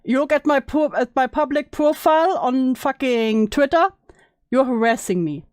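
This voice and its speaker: A woman streamer chatting casually and bluntly while reacting to videos, sarcastic and quick to swear. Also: high-pitched, darkish tone, no echo, studio quality. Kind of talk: casual live-stream chat.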